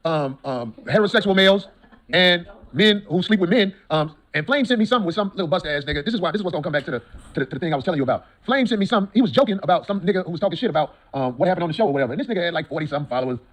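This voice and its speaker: A male comedian hosting a casual talk show, telling stories in a loud, profane, animated way. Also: high-pitched, rapid-fire.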